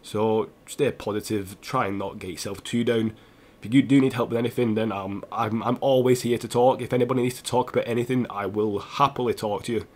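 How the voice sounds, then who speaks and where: A young man, a gaming streamer, talking earnestly and haltingly to his viewers while close to tears. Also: fairly low pitch, fairly even intonation, darkish tone. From England. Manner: earnest, halting, with restarts and repeated phrases. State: tearful, close to crying. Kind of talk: emotional personal address to stream viewers.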